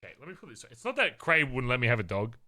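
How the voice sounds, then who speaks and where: Talking very fast in a mid-range voice, a young Australian streamer with an Australian accent chats casually with his viewers, animated, swearing and ranting playfully. There's no room sound at all.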